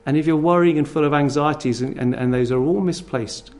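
A man preaching a sermon, earnest and animated, telling stories and asking rhetorical questions. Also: fairly high pitch, a little fast.

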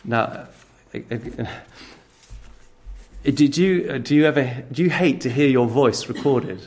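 A man's voice: mid-range voice, a little slow, darkish tone. A man preaching a sermon in a conversational way, often restarting his sentences.

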